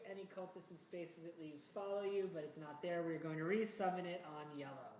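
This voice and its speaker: A man's voice: fairly high pitch, a little fast, hardly any pauses. Chatty man narrating a board game, echoey room. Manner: chatty, rambling, jokey asides to himself. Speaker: board game player and host. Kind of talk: solo board game playthrough commentary. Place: home room. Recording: echoey room with faint noise.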